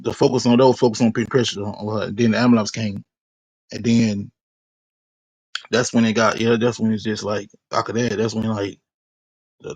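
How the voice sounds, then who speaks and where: A man's voice: lowish voice, no echo. Guy in a street interview, keeps restarting, stumbles over words, dry close sound. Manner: halting, repetitive, many restarts.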